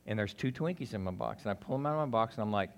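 A pastor with a slightly low, gravelly voice delivers a sermon very fast and expressively, chatting with his congregation between points. He swings from pushing hard on some lines to an intimate near-hush on others, with lots of asides and folksy phrasing.

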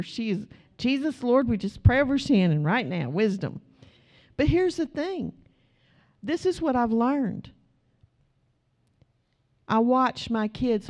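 A woman's voice: fairly high pitch, lively intonation, slow pace, a little mellow. A middle-aged woman preaching a sermon in church, emphatic and direct with the congregation. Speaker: pastor.

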